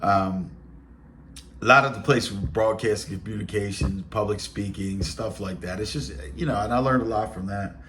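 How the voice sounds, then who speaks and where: Man, late 40s, Baltimore accent, low-pitched, blunt, rambling, casual monologue, faint background noise. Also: moderate pace, fairly bright tone. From Baltimore, Maryland. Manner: blunt, streetwise, rambling with fillers and asides. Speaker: podcast host.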